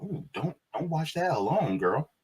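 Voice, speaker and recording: A man's voice: a little high, very animated, measured pace, darkish tone, breathy edge. Laid-back man reading out chat. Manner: reads chat messages aloud, laughs often. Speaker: co-host of a live stream. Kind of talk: casual live-stream chat.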